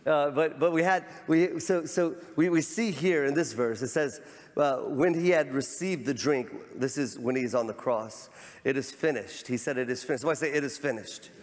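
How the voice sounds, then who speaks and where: Preacher, man, fervent and repetitive, slightly high voice, recorded in a reverberant church. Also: normal speed. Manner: fervent, repeats words, rises to near shouts. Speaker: pastor. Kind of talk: sermon. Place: large church sanctuary. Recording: long church hall reverb.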